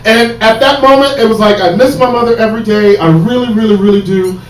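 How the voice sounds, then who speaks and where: High-voiced man doing animated stand-up. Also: fast. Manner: animated, swings from hushed asides to shouted punchlines. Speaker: stand-up comedian. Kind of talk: stand-up storytelling. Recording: roomy live stage sound from a distance, audible noise.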